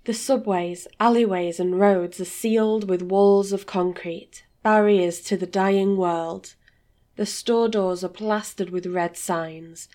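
Slow, deliberate woman storyteller. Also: medium pitch, fairly even intonation, dark tone. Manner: slow, deliberate, dramatic reading. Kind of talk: scripted story reading.

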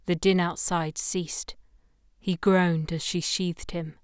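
A woman narrating adult fiction in a slow, measured, intimate reading. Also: on the low side, level tone, clean tone, dry recording, studio quality. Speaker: audiobook narrator.

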